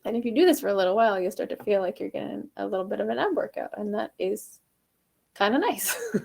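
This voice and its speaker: A woman vocal coach leading a live online singing lesson, switching between calm explanation and loud, short staccato "ha" exercises that leap high into head voice. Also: quick pace, vocal fry. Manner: relaxed explaining with chuckles and fillers.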